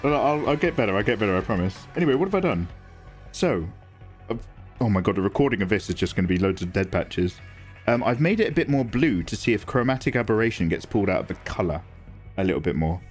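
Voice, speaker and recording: A man's voice: fairly low pitch, quick pace. Guy rambling on his art stream, voice bouncing all over, faint music behind. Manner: lively, rambling, self-deprecating, reads chat aloud. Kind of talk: casual livestream chat while drawing.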